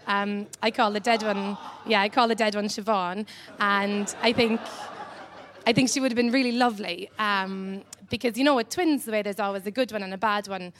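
An Irish woman from Ireland doing stand-up comedy on a club stage, rambling and dry with many pauses and "um"s. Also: medium pitch, fairly even intonation, fairly bright tone.

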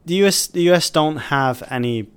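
A man's voice: on the high side, expressive, normal speed, clear, resonant tone. Opinionated man analysing football. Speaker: football pundit. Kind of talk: casual chat.

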